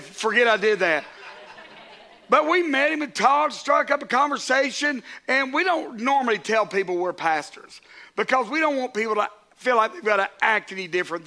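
A man's voice: high-pitched, sharp tone. A man, a pastor preaching a sermon to his congregation in a conversational way, with asides to the crowd.

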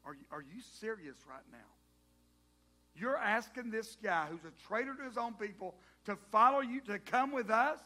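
A man's voice: high-pitched, expressive, normal speed, fairly bright tone, slightly rough, big-room sound, full character voice. A man voicing indignant male disciples, exasperated and incredulous.

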